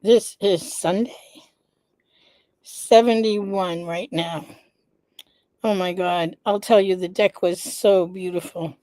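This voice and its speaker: Slow, congested woman chatting warmly. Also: lowish voice, no room sound. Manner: chatty, relaxed, many ums, greets viewers by name. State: congested, nasal stuffiness. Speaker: vlog host, founder of an organization. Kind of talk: casual live vlog chat. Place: indoors at home.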